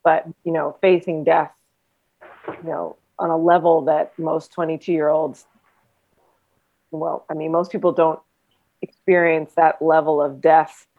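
A woman's voice: low-pitched, level tone, unhurried, pauses often, narrow, tinny audio. A woman in casual conversation, a former trauma nurse and body therapist who talks reflectively, rambling with many fillers.

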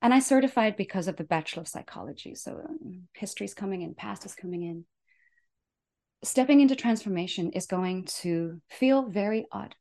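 A woman life coach hosting her own show, giving an enthusiastic motivational talk that swings between loud and soft. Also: medium pitch, animated, a little fast, gravelly.

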